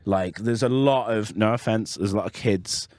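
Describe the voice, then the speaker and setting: A man's voice: fairly low pitch, normal speed, darkish tone, slight background noise. A man co-hosting a podcast, telling rambling personal stories in casual chat. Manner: chatty, rambling storyteller with restarts. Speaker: podcast co-host.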